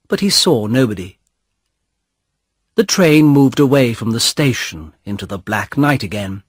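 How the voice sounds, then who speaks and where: Slow, husky male storybook narrator. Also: mid-range voice, no echo, clean studio sound. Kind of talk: graded-reader story narration.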